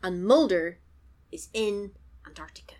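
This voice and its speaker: A woman's voice: mid-range voice, expressive, unhurried, darkish tone. A woman chatting casually as a podcast co-host, retelling a story with playful asides. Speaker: podcast co-host recapping an episode. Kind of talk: casual chat.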